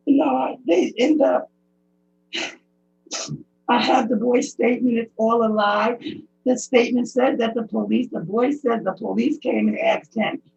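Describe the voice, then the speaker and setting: Emotional woman with a gravelly high voice. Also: darkish tone, slight background noise. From United States. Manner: emotional, pleading, halting speech. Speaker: public commenter at a hearing. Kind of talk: personal testimony. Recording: dull lo-fi recording.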